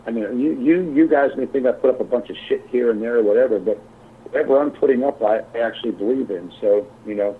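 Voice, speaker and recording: A man's voice: medium pitch, quick pace, a little hiss or hum. A man on a group internet call chatting bluntly, swearing constantly. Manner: blunt and heavily profane. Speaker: channel owner on a group call. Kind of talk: heated casual call chat. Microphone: computer mic on a video call. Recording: tinny internet call audio.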